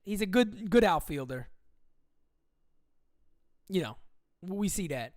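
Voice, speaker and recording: A man's voice: high-pitched, expressive, slow, long pauses, dry recording, studio quality. A young man hosting a casual sports livestream, rambling and joking as he reads out viewer comments. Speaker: livestream host.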